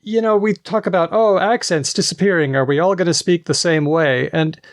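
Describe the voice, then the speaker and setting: A man's voice: a little high, steady tone, moderate pace, no echo, studio quality. A man co-hosting a podcast, explaining things in an easygoing, casual chat. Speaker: podcast co-host.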